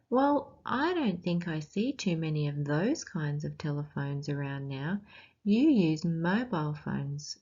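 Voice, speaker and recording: An Australian woman reads a picture book aloud at an unhurried pace, stopping to ask the children questions. Her voice sits a little low, and she reads it with expression. The recording is muffled and lo-fi. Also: darkish tone, breathy edge. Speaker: teacher.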